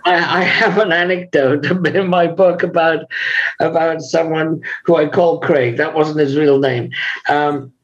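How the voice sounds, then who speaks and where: Older male guest, measured and unhurried, pitched a little high, heard through dull lo-fi audio. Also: steady tone. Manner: measured, unhurried storyteller with frequent pauses. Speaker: guest, author and lama. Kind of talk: conversational interview.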